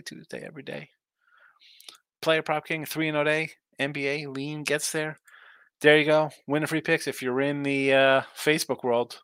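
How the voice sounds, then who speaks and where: A tired man hosting a sports betting stream, talking in a loose, rambling way with a bright voice. The sound is dry and close, with no room around it. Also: a little high, no echo. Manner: loose, rambling, reads chat aloud. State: tired, yawning. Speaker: sports betting picks host. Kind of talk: casual live-stream chat.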